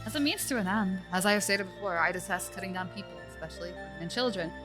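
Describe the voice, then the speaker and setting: Close to her everyday voice, mid-range and quick, a woman reads livestream game dialogue for a scheming ancient spirit that possesses a young woman. Her delivery is formal and condescending with archaic wording, and loud game music plays in the background.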